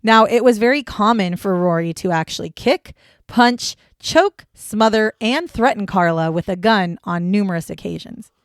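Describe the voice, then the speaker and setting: A woman's voice: medium pitch, normal speed, clear, resonant tone, no echo, clean studio sound. A young woman co-hosting a true crime podcast, talking casually and bluntly, swearing freely. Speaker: podcast co-host.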